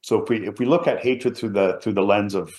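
Middle-aged man, low and deep, earnest and halting, sharing a personal story as an interview guest. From England, around Liverpool. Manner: earnest, halting, often trailing off quietly.

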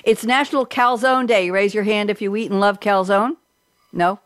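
Talk show host, woman, mid-pitched, playful banter, dry close mic. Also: steady tone, normal speed, a bit bright, smooth, no echo. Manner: chatty, jokey, reads lists of holidays.

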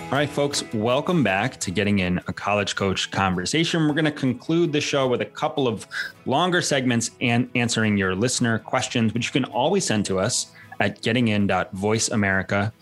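A middle-aged man hosting a podcast, chatting in a relaxed way with fillers. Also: mid-range voice, fairly quick, faint music behind. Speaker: podcast host. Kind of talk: casual interview chat.

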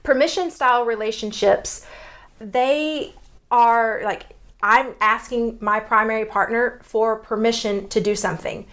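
A woman's voice: fairly high pitch, steady tone, a little slow, a bit bright. A woman with a Texan accent co-hosting a podcast, explaining topics at length with some restarts. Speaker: podcast co-host, relationship doctor.

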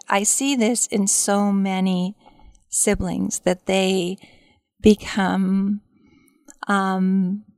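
Guest, middle-aged woman, smooth resonant voice, earnest and reflective, dry close mic. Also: medium pitch, a little mellow, dry recording. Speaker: guest, bereaved mother. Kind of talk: casual conversation.

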